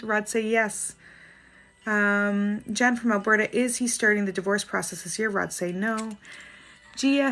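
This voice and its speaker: Gravelly-voiced Canadian woman reading questions. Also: fairly high pitch. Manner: reads out names and questions briskly, soft apologetic asides. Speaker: spiritual reader doing live dowsing rod answers. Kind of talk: livestream reading viewer questions.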